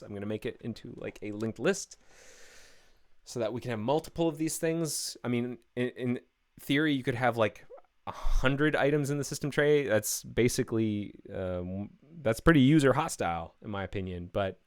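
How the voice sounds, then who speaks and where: A man live-streaming his coding work, talking through each step casually with many fillers and restarts. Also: medium pitch.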